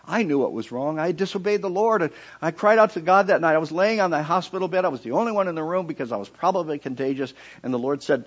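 Husky low-voiced preacher telling his testimony, swings soft to loud, muffled dull recording. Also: expressive, fast, few pauses. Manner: voice leaps high and loud when reenacting pleas, drops low and quiet in narration. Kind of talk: emotional sermon testimony.

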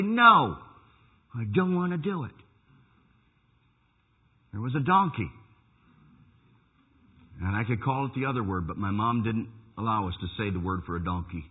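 A man preaching a sermon with animated storytelling, swinging from loud bursts to hushed asides. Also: medium pitch, slightly rough. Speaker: pastor. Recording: tinny phone-like line.

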